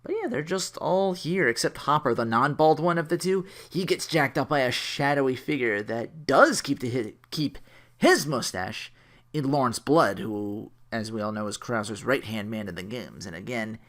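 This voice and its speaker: A man's voice: medium pitch, moderate pace, a bit bright. A man giving a casual, rambling, jokey anime review, correcting himself and laughing as he goes.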